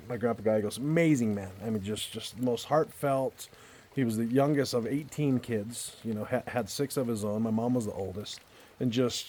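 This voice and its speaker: A man's voice: medium pitch, warm tone. Earnest rambling man telling a story. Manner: rambling, repeats words and restarts often; earnest and heartfelt. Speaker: storyteller vlogger. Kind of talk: casual spoken storytelling. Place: outdoors in a backyard at night.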